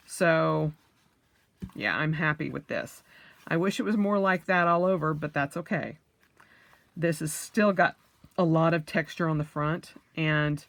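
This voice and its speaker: Unhurried, low-voiced woman vlogger. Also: fairly bright tone, no echo. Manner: chatty and enthusiastic, with fillers. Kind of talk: casual unboxing chat.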